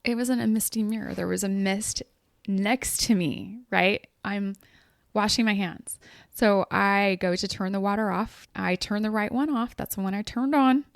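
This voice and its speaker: Woman medium on a podcast, animated chatty storyteller, dry mic. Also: medium pitch, moderate pace, vocal fry, no echo. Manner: animated storyteller, laughs often. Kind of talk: casual chat.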